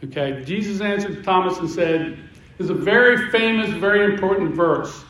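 A man's voice: sits high, normal speed, a bit bright. A man preaching a sermon as pastor, in a conversational way with repetitions and asides. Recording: echoey room, voice from a distance.

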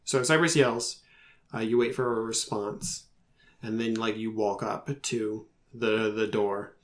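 A man narrating as game master of a tabletop game, halting often with fillers as he describes the scene. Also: fairly low pitch, steady tone.

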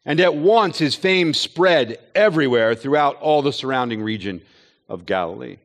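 Guy preaching a sermon, earnest, lots of rhetorical questions, middle pitch. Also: lively intonation, normal speed. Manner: earnest, rhetorical questions, acts out quoted voices. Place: chapel or hall with an audience.

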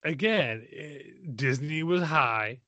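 Bright-voiced man ranting about movies. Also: fairly high pitch, expressive, slow, dull audio. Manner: exasperated ranting, profane. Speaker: podcast co-host. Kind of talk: casual movie-review chat.

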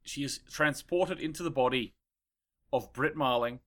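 A man hosting a casual podcast chat at a mid pitch. His voice is bright and forceful. He explains things eagerly and keeps checking that his listener is following. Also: normal speed. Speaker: podcast host.

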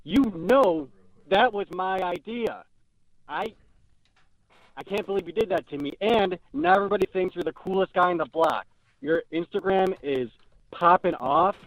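A man's voice: high-pitched, moderate pace, no room sound, low-quality recording. A man playing a hotheaded young caller who rants at his stepdad in frantic, whiny bursts on a call-in comedy bit. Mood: angry. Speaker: prank caller.

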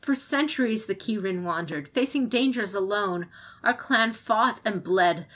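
Fierce defiant samurai woman, impassioned, forceful pleading, raised voice, audiobook role a woman reads out. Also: mid-range voice. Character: fierce female samurai advisor, defiant, passionate.

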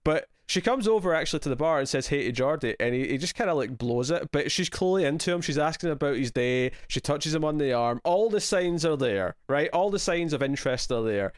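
A man with a Scottish accent co-hosting a casual chat about a TV episode, animated and laughing often, with lots of restarts. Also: on the high side, fairly quick, hardly any pauses, no echo, studio quality. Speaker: podcast co-host.

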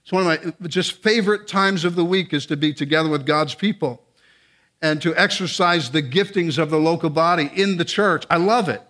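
Male guest preacher, high-pitched, earnest and conversational sermon delivery that swells into emphatic exhortation. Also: normal speed, a bit bright. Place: church sanctuary.

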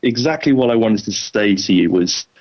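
A man on a casual tech podcast, chatting from his notes and quick to laugh. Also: fairly low pitch, lively intonation, dull audio.

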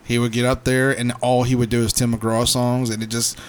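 A man's voice: mid-range voice, little pitch movement, brisk, clean tone. A man hosting a casual podcast, chatty and joking as he asks questions and tells stories. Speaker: podcast host.

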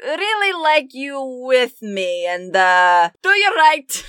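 A woman voicing a nervous female wagon driver who speaks haltingly, full of fillers. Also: high voice, very animated, sharp tone, smooth, no echo, studio quality, heavily acted. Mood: uneasy warning.

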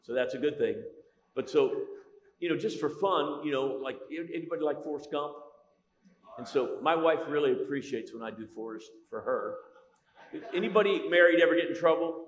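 A man's voice: fairly high pitch, normal speed. A middle-aged man preaching a humorous sermon, telling stories with lots of restarts. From Italian-American. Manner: joking, storytelling, many restarts. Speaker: pastor. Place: large church hall. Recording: echoey church hall.

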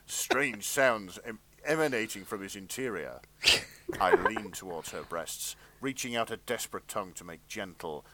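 A man narrating a comic fanfic reading in a deadpan, dry way. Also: fairly low pitch.

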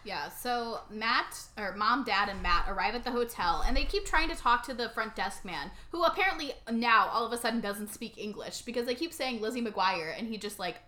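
A woman's voice: a little high, lively intonation, moderate pace, few pauses, pushed and bright. A woman co-hosting a casual podcast, recapping a movie with wry, joking asides. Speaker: podcast co-host.

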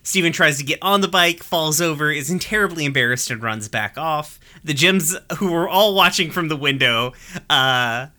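A podcast host talking through an episode in loose, casual chat, full of "like" and "um" and quick to laugh. The voice is bright and crisp, with easy swearing and animated outbursts. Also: medium pitch. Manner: chatty with many fillers and restarts.

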